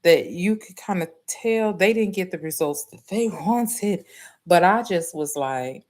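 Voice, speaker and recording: A woman's voice: on the low side, a little slow. A woman, animatedly telling her viewers a story and laughing often. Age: adult nursing student. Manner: animated, laughs often, Southern US dialect grammar. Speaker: livestream host.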